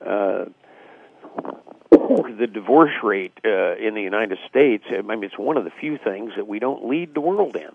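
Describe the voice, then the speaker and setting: A man's voice: lowish voice, lively intonation, measured pace, creaky, slightly rough, no room sound. A man, a guest author, explaining his ideas in a casual radio interview, reflective and full of fillers. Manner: reflective, acts out quoted dialogue, frequent fillers. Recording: tinny phone line.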